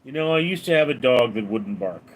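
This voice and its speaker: A man's voice: mid-range voice, expressive, brisk. A man hosting a casual live stream, reading viewers' names and questions aloud and answering them in a dry, offhand way.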